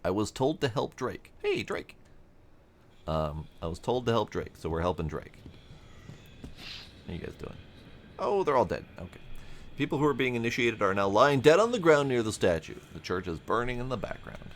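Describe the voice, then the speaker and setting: A man's voice: mid-range voice, sing-song, normal speed, pauses often, slight background noise. A gaming streamer, a man, making dry, wry asides while playing, his throat a bit strained. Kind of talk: game commentary.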